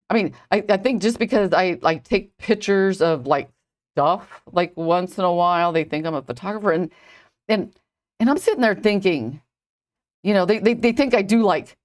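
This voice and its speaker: A middle-aged woman, a jewelry designer, rambling in casual chat with viewers on a live stream while she knots a bracelet, saying "like" constantly. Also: on the low side. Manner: rambling, heavy use of "like".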